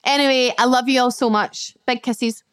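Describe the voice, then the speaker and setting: A young woman with a slightly high voice hosts a solo podcast from home. She talks in a candid, chatty way, swearing now and then as she reacts to comments from her listeners. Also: fairly even intonation, normal speed, smooth. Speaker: podcast host. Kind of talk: casual solo podcast chat. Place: her flat, indoors.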